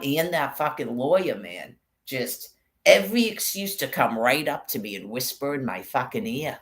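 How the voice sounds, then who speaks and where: An angry man rants on and on. His delivery is rambling and heavy with swearing, at a middle pitch. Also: a bit bright. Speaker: vlogger. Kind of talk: profane ranting monologue.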